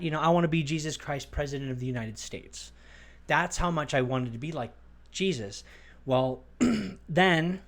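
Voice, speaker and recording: Middle-aged man, Arizona-raised, halting testimony, mid-pitched everyday voice. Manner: rambling, halting, with restarts and fillers. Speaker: storyteller. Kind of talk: personal testimony.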